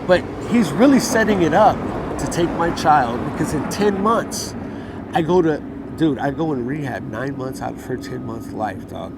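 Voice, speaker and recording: A man's voice: on the high side, lively intonation, moderate pace, gravelly. A man telling his story in a casual outdoor interview, heated and profane, acting out what others said to him. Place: outdoors in a city. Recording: outdoor street noise.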